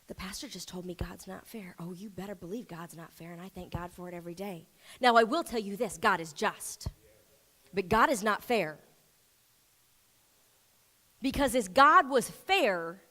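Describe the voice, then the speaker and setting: A woman pastor delivering an emphatic sermon, rising to loud declarations and dropping to soft, near-whispered prayer. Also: fairly high pitch.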